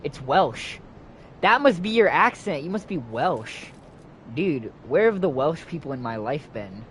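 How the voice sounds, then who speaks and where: Excitable, profane young man streaming a game. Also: on the high side, unhurried, a little hiss or hum. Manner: excitable, profane, thinks out loud. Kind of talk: casual gameplay commentary. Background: game music.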